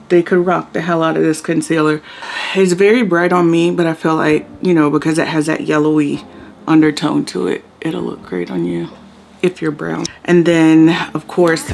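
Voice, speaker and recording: Chatty woman beauty vlogger. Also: fairly low pitch. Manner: chatty and relaxed, with slangy asides. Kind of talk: casual makeup chit-chat.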